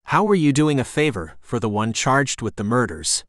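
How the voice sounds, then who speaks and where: A tough young shifter detective, as a male narrator reads him, blunt and confrontational. His pitch moves in a lively way, and the recording is dry and close. This audiobook voice is pressing and sardonic. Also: normal speed, no echo.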